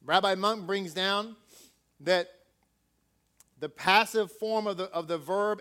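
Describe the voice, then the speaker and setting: A man's voice: high-pitched, unhurried, a bit bright, clear, resonant tone. A man preaching a sermon, emphatic and asking his listeners many rhetorical questions.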